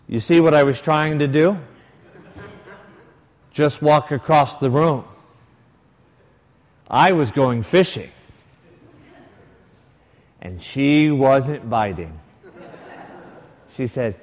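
A man's voice: mid-range voice, expressive, slow pace, pauses often. A man, a priest, preaching a sermon and telling a story with quoted dialogue and varied emphasis. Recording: long reverb of a large hall.

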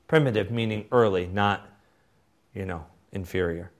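A man teaches a class in an explanatory lecturing manner, with brief asides between his points. His pitch sits in an ordinary middle range, and the talk stays plain and steady. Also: measured pace. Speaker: teacher lecturing on church doctrine.

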